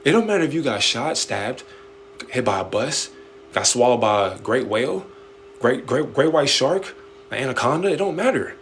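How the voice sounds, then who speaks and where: A man hosting a late-night livestream, preaching in an animated way with slangy street talk and swearing. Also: mid-range voice, normal speed, slight background noise. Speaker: livestream host answering viewer questions. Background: faint music playing in the background.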